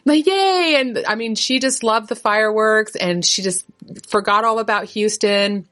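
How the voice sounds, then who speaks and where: Lively woman telling a family story. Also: moderate pace. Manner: lively storyteller, laughs often, jumps up high when quoting. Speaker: podcast guest. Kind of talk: casual storytelling.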